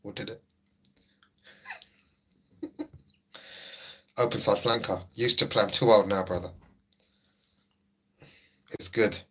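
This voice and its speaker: There's slight background noise as a middle-aged livestream host with a lowish, somewhat bright voice speaks slowly, leaving long pauses and keeping his intonation fairly even. He reads the chat and answers viewers casually, chatty and prone to repeating himself.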